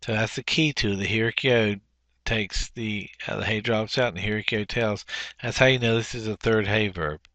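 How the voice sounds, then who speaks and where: A man working through a language workbook as a teacher, explaining each answer slowly with frequent fillers and self-corrections. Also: lowish voice, fairly even intonation, a bit bright, no echo. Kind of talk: workbook walkthrough lesson.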